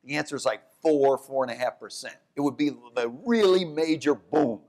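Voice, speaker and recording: A man, an economics professor, talking onstage in a lively, fast way that often breaks off and corrects itself. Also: medium pitch. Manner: animated, talks in quick bursts, restarts and corrects himself. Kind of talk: onstage conversation.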